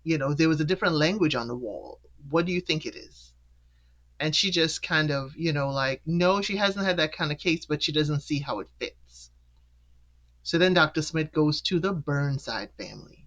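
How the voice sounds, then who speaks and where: A host recapping a TV episode in casual chat, acting out characters' lines with jumps in pitch and laughing between points. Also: normal speed, a bit bright, lo-fi sound.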